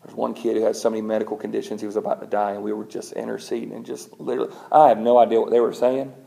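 Mellow-voiced pastor preaching. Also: male voice, on the low side, very fast, vocal fry. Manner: conversational storytelling, animated when retelling. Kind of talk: sermon.

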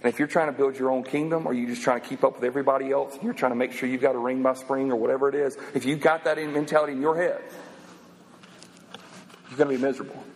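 A man in his thirties preaching a sermon, telling a story in an animated, conversational way and then praying. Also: medium pitch, quick pace, long reverb tail, low-quality recording. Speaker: pastor.

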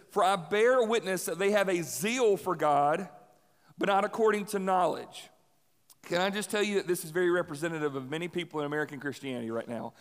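High-voiced energetic young preacher, hall reverb. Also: male voice. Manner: energetic, conversational, emphatic repetition. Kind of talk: sermon.

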